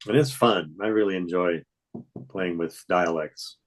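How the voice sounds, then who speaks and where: A man's voice: low-pitched, measured pace, low-quality recording. An older man, a voice actor, telling stories in a rambling, hesitant way during a casual interview. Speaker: voice actor guest.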